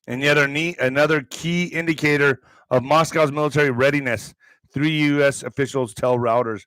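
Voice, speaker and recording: A man's voice: fairly high pitch, fairly even intonation, normal speed, a bit bright, no echo, rough recording. A man hosting an online commentary show, reading news items aloud and breaking off into profane, sarcastic asides. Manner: profane, sarcastic asides between read headlines.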